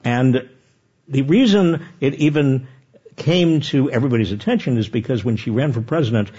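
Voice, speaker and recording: An older man telling anecdotes as a guest author, with animated and self-deprecating restarts. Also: mid-range voice, moderate pace, husky, lo-fi sound. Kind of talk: conversational storytelling.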